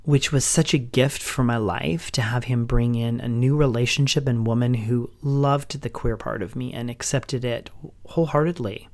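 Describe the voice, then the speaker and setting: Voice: medium pitch, fairly even intonation, normal speed, darkish tone. Middle-aged podcast host, reflective monologue, emotional, run-on delivery. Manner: open and emotional, long run-on sentences linked with "and".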